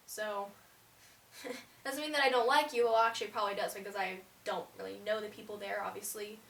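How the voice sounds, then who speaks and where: A woman's voice: medium pitch, fairly even intonation, a little fast, gravelly, a bit bright, distant mic. A teenage girl telling a story in a casual vlog, chatty and rambling with lots of "like". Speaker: vlogger. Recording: roomy, away from the mic.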